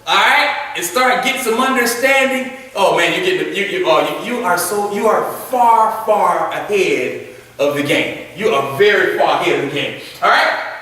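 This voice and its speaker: A man's voice: high voice, moderate pace, bright, forceful tone. A man teaching a Sunday school Bible lesson as a deacon, in a folksy way, laughing often and repeating words. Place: church. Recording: echoey church room from far off.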